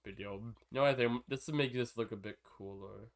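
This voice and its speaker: A man chatting casually on a live gaming stream, rambling between thoughts and breaking into sudden excited outbursts. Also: mid-range voice, brisk.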